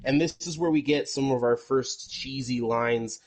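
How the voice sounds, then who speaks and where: A man's voice: medium pitch, normal speed, rough recording. A man co-hosting a podcast, recapping a movie in rambling casual chat and swearing freely. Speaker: podcast co-host.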